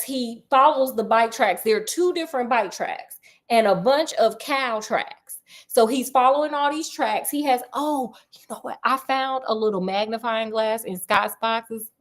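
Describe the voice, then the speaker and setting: Casting: chatty woman storyteller, slangy and playful, a touch high. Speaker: storyteller host. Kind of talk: casual retelling of a classic story.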